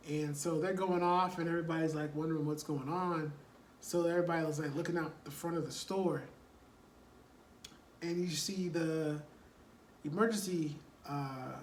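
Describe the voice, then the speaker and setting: A storyteller with a fairly high-pitched male voice casually retells a movie plot, rambling and filling gaps with "like" and "you know." The recording is roomy and echoey, with a distant mic, faint ambience, and slight background noise.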